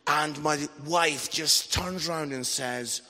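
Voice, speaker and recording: An enthusiastic man preaching a chatty sermon, with a fairly high voice and a bright, forceful edge. His words ring out in a church hall with a long reverb tail. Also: slow. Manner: enthusiastic, chatty, adds "yeah?" tags. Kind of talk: sermon with personal storytelling.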